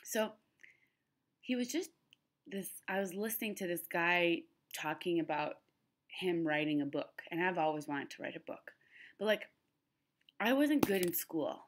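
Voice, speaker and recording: A woman's voice: fairly low pitch, animated, measured pace, long pauses. A young adult woman talking candidly and emotionally to her camera in a personal vlog, rambling from thought to thought. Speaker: vlogger.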